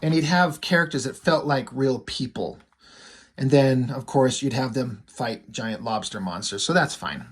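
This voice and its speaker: A man casually recapping a comic book in a relaxed, profane way, laughing at the dialogue. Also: mid-range voice, measured pace, breathy edge.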